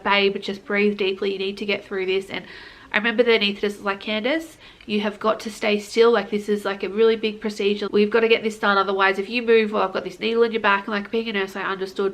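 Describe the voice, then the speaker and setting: A woman's voice: mid-range voice, a bit bright. A young woman talks straight to the camera in a casual vlog. She tells her story in an earnest, rambling way, with plenty of likes and false starts. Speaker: vlogger.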